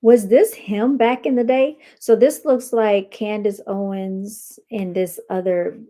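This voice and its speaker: A woman hosts a casual livestream, reacting to clips with blunt, animated commentary. Her voice sits in a middle register, and she talks straight to her viewers with lively ups and downs. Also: mid-range voice. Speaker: livestream host.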